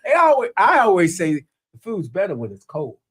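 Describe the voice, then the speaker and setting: A man's voice: sits high, wildly swooping pitch, brisk, a little hiss or hum. A man hosting a radio show, joking around in casual, playful banter. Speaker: radio sports show host.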